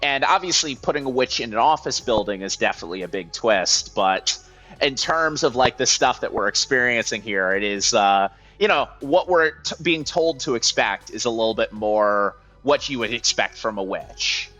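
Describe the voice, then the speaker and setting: A man's voice: medium pitch, animated, moderate pace, sharp tone. A man giving casual, rambling gameplay commentary as a streamer, often correcting himself.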